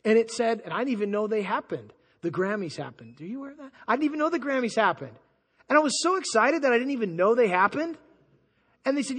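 A man preaching a sermon as pastor, conversational and animated, acting out the people he quotes. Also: extremely high pitch, fast talker, slightly rough. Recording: long hall reverb.

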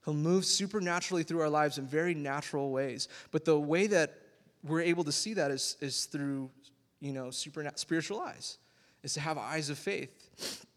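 A man's voice: on the high side, normal speed. A man, a youth pastor giving a casual, rambling sermon full of fillers and laughter. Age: 20s. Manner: rambling, chatty, many fillers, laughs often. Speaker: youth pastor, worship leader. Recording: long hall reverb.

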